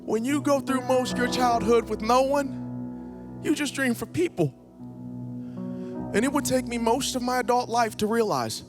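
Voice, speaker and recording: A young man preaching in a church, telling personal stories and acting out the dialogue in them. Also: sits high. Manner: animated, acts out dialogue in his stories. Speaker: guest speaker. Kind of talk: storytelling sermon. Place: church stage.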